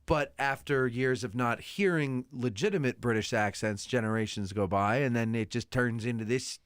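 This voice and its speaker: A man's voice: mid-range voice, normal speed, a bit bright, clean tone, no echo. A man hosting a podcast, asking questions in a playful, joking, casual way. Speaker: podcast host. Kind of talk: casual interview chat.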